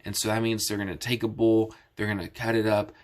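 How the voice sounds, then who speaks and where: A man's voice: lowish voice, little pitch movement, fairly quick. A man casually retelling a Bible story as a lesson, explaining things simply and often restarting sentences. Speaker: Bible teacher.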